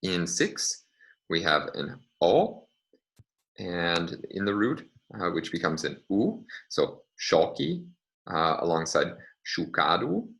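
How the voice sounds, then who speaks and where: Male lecturer, very low voice, lively intonation, hesitant fillers while reasoning. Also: takes it slowly, creaky, low-quality recording. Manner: thinks aloud with frequent uh and um. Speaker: linguistics lecturer. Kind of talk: recorded lecture.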